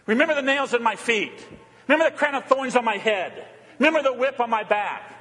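A man's voice: very high-pitched, lively intonation, fairly quick, a bit bright. A man preaching a sermon, asking rhetorical questions, repeating refrains and having the congregation say lines back. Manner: leads the congregation in call and response. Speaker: pastor. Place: church sanctuary. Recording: long church reverb.

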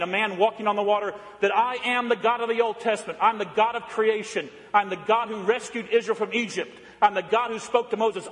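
A man preaching a sermon, emphatic at times, then dropping to quiet, low tones for weight. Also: long reverb tail. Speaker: pastor.

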